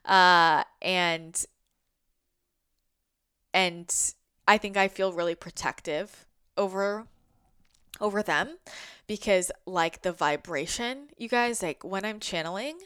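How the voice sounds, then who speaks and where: Low, smooth-voiced woman musing about channeling. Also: slow, pauses often, bright, forceful tone, no room sound, studio quality. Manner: rambling, heartfelt, many "like"s, swears casually. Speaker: spiritual channel, podcast host. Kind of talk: casual reflective monologue.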